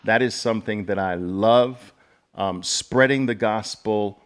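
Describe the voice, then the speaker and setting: A man hosting a live online trading session, talking with plenty of fillers and repeating phrases, at times excitedly. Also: fairly low pitch, unhurried, smooth. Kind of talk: live webinar talk.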